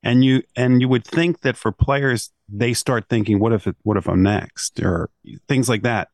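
A man's voice: medium pitch, fairly even intonation, moderate pace, a little mellow, dry recording, studio quality. A man hosting a sports talk show, asking thoughtful, long questions. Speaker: radio host.

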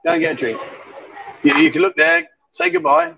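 Guy with a pretty high voice hosting a bar livestream, jokey teasing, kinda dull lo-fi sound. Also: wildly swooping pitch, a little fast, vocal fry. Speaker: livestream host. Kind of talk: live bar stream banter. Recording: dull lo-fi stream audio.

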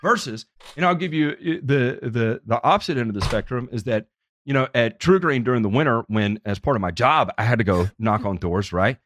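A man hosting a podcast, telling stories in a casual, profane and animated way. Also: medium pitch, fairly quick.

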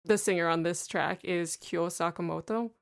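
A woman's voice: on the low side, steady tone, moderate pace, gravelly. A woman co-hosting a podcast, chatting casually and laughing often as she talks about music. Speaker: podcast co-host. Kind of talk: casual chat.

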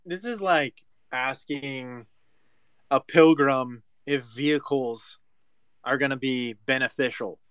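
A man's voice: mid-range voice, slow pace, fairly bright tone, clear, resonant tone, dry recording. A man in a casual chat, arguing his point in a brash, emphatic rant.

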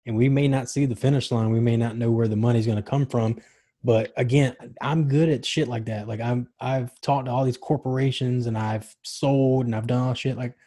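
A young man in casual chat, telling stories in a rambling, excited way with slang and swearing. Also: mid-range voice, normal speed, slightly rough. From Charlotte, North Carolina area.

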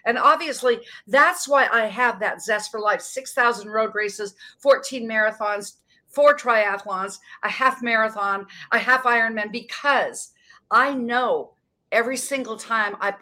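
Bright sixties lady guest from montana, earnest and dramatic. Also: fairly high pitch. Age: 60s. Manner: emphatic, earnest, dramatic pauses. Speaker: guest, motivational speaker. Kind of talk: casual interview storytelling.

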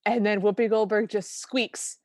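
A woman talks through a film in casual podcast chat, bubbly and quick to act out lines she quotes. Her voice is mid-pitched. It sounds dry and close, with no room around it. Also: fairly even intonation, darkish tone, dry recording. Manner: enthusiastic, acts out quoted lines. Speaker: podcast co-host.

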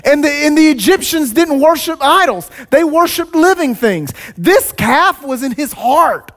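A man's voice: extremely high pitch, animated, a little slow, a bit bright. A man preaching a sermon as pastor, conversational and joking, with asides to the congregation.

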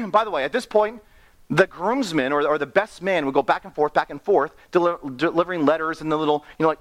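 A young man preaching a sermon, animated and playful, reading scripture and laughing at his own asides. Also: a little high, fairly quick.

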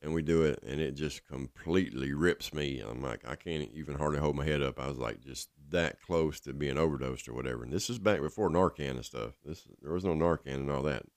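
Very deep-voiced man, rambling. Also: brisk, few pauses, no echo, studio quality. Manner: rambling, casual, full of fillers. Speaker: recovering addict telling his story. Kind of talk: personal storytelling.

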